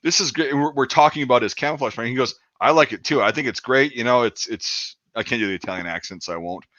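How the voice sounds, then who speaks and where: Swearing man telling a story, bright lo-fi. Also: medium pitch, fast talker, no echo. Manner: rambling, swears a lot, acts out quotes. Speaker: podcast host. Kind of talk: casual chat, telling a war story.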